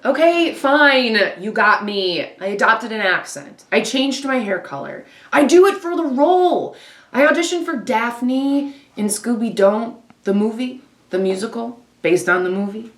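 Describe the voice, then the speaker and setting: A woman's voice: on the high side, lively intonation, a little slow. A woman playing a vain, showy fantasy queen with a put-on posh accent and a condescending, theatrical manner. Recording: echoey room.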